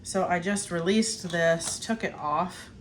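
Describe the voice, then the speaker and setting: A woman's voice: on the low side, slow, slight background noise. Chatty woman showing kitchen work. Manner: chatty, laughs often, talks while snacking. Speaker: homestead vlogger. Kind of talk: casual cooking demonstration. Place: home kitchen.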